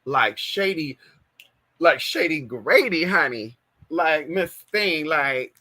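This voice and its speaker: A woman's voice: low voice, animated, slow, bright, forceful tone. A trans woman in her thirties from California, telling a gossipy story on a casual livestream and talking straight to her viewers with lots of "girl" and "y'all" asides. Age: 30s. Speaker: livestream host. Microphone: plug-in mic on a live stream.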